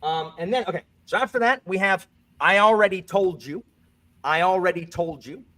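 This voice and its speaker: A man's voice: high-pitched, normal speed, bright, forceful tone. A man hosting a bookish quiz game, playful and jokey, reading each clue twice. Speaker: quiz host. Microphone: desk microphone.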